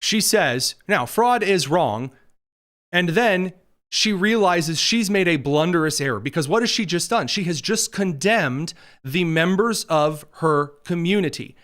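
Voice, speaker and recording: Guy hosting a political livestream, kinda high voice, sarcastic and mocky. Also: lively intonation, unhurried, fairly bright tone. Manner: sarcastic, mocking asides. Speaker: host. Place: studio.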